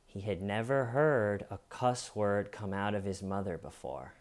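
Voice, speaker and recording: A man hosting a podcast, telling a true crime story in a deliberate, dramatic way with long pauses. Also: fairly low pitch. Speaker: podcast host.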